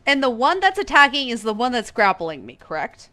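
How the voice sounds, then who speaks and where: High bright-voiced woman player. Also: very animated, fairly quick. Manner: hesitant, thinking aloud with many fillers. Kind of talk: tabletop game play.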